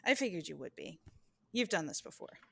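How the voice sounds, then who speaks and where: A woman acting as game master, calmly asking a player relaxed questions about her character. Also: fairly low pitch, a little fast, creaky. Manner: relaxed, asks gentle questions. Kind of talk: easygoing game-master prep talk.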